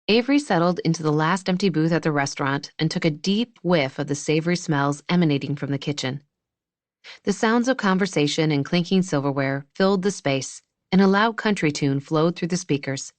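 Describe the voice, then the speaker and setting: A woman narrating an audiobook in an even, measured reading style. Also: low voice, dry recording. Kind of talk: scripted narration.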